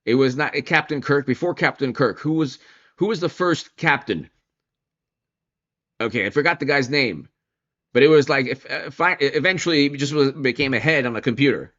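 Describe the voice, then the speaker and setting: A man delivering an opinion commentary monologue in an animated, sarcastic manner, mocking opponents by putting on their voices. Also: mid-range voice, moderate pace, lo-fi sound. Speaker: political commentator.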